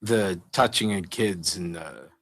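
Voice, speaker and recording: A man co-hosting a talk radio show, bantering with wry, deadpan quips. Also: low voice, slow. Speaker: radio co-host.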